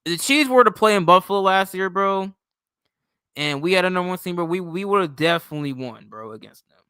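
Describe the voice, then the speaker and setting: Chatty young man, bright crisp voice. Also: high-pitched, animated, brisk, dry recording, clean studio sound. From New York State. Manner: rambling, profane, loose and chatty. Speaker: livestream host. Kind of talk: casual livestream chat.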